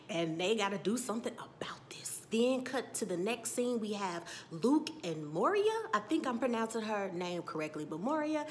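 Woman doing a chatty sassy tv recap, animated, mid pitch, faint rumble behind. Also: normal speed, few pauses. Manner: animated, acts out characters' lines, chatty and sassy. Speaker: TV recap vlogger. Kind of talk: casual TV episode recap.

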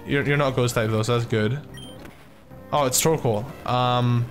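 A man chats loosely through a game playthrough, excitable and quick to swear, stringing his thoughts together with lots of filler. His voice sits at a middling pitch. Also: faint music behind. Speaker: let's play gamer. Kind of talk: casual gaming commentary.

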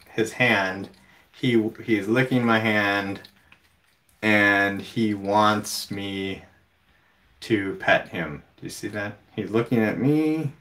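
A man hosting a casual livestream from home, reading viewer comments aloud in a relaxed way. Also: lowish voice. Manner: slow, relaxed, reads chat comments aloud. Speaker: livestream host.

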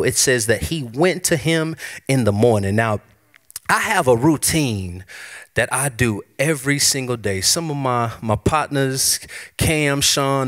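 A man preaching a sermon at a church service, talking in a conversational and personal way. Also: medium pitch. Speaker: pastor.

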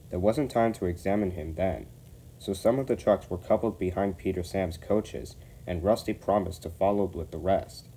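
A man narrating a railway storybook in a steady, measured way. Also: sits low, husky.

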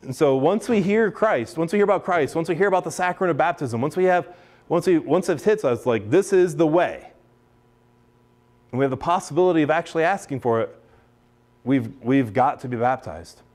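A man's voice: on the high side, expressive, brisk, a little mellow. An American man, a priest, teaching a class in a casual, chatty way, with many restarts and acted-out quotes of other people.

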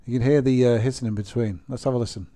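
Chatty man with a mellow voice. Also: medium pitch, steady tone, brisk. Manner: chatty and rambling, with self-deprecating jokes. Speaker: gaming channel host. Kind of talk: software tutorial narration.

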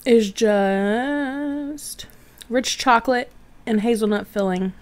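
A woman's voice: a little high, slow pace. A woman co-hosting a snack review, chatting casually and reading package descriptions aloud. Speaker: co-host of a snack review show. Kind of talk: casual snack-tasting chat.

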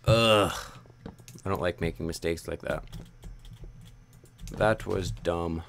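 A man's voice: low voice, takes it slowly, gravelly, a bit bright, a little hiss or hum. A young man commenting on his own gameplay, muttering frustrated self-talk with sudden yelps. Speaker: gaming YouTuber.

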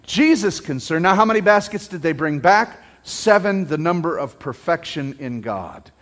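A male pastor preaching in a church hall, his voice sitting high and leaping up and down as he drives home his points. He peppers the congregation with rhetorical questions and pushes toward a shout at the peaks. Long reverb trails every line. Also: expressive, normal speed. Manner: raises voice to near shouting at peaks. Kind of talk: sermon.

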